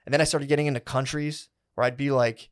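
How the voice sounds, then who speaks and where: A man's voice: medium pitch, fairly even intonation, fast talker, smooth. Man, 30s, podcast co-host, rambling casual storytelling, lots of "dude". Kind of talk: casual chat.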